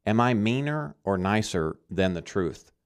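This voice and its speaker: A man's voice: lowish voice, expressive, measured pace. A man from Arkansas giving earnest, emphatic Christian teaching in conversation, often checking in with "okay?".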